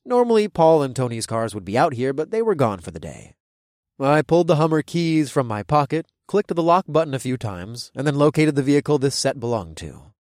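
A man's voice: mid-range voice, dry recording. A young man reading first-person narration in a wry, casual storytelling manner on a close mic. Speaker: audiobook narrator.

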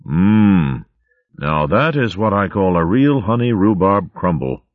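A man doing a gentle old abbot. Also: sits low, big pitch swings, takes it slowly, no echo, narrow, tinny audio, full character voice. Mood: kindly. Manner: gentle, mild and fatherly. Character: kindly old abbot mouse, gentle host.

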